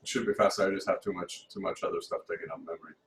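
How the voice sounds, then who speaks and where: Casual male music teacher, halting delivery, counts beats out loud; distant mic with room echo and faint hum. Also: deep voice, steady tone. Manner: halting, lots of restarts and counting aloud. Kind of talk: informal recorded lesson.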